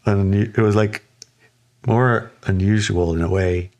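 Man, low voice, casual storyteller, podcast co-host, playful quoted voices. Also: a little slow. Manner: animated, acts out quoted voices with playful high pitch.

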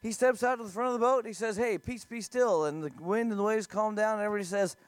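A man with a fairly high voice delivers a sermon in a relaxed, conversational manner. He keeps turning to his listeners with direct questions. The recording is dry and close, with no room sound. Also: racing, clear, resonant tone, no echo. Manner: conversational preaching with rhetorical questions. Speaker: pastor.

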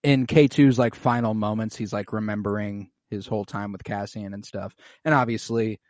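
A man's voice: fairly low pitch, fairly even intonation, normal speed, a little mellow, no echo, clean studio sound. A young man casually recapping an episode on a podcast, acting out characters' lines in a raised voice. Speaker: podcast co-host recapping a TV series. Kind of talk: casual chat.

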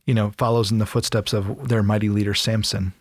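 A man hosting a casual podcast, retelling a Bible story in an animated way and acting out its characters in quick casual voices. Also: lowish voice, breathy edge, no echo, studio quality.

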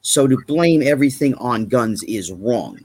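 A man's voice: medium pitch, lively intonation, a little slow, darkish tone, slight background noise. A man talking as a guest in a casual chat, emphatic and repetitive, firing off rhetorical questions.

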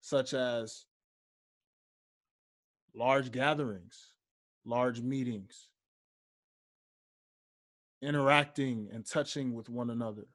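A young man talking alone into his podcast mic at an unhurried pace. He picks his words with care and leans hard on the points he wants to land. His voice sits at an ordinary middle pitch for a man. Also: fairly even intonation, a bit bright. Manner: slow, deliberate, emphatic. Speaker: podcast host. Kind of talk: solo podcast monologue.

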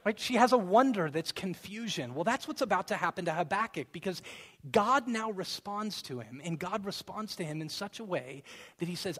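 Fairly high-voiced preacher in a reverberant hall. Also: male voice. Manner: conversational preaching with sudden loud emphasis and drawn-out words. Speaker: pastor. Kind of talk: sermon. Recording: long reverb of a large hall.

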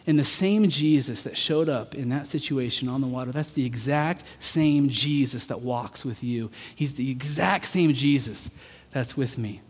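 A man preaching a sermon, earnest, rising to emphatic peaks and then dropping soft. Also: medium pitch, moderate pace, hardly any pauses, breathy edge. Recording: long hall reverb.

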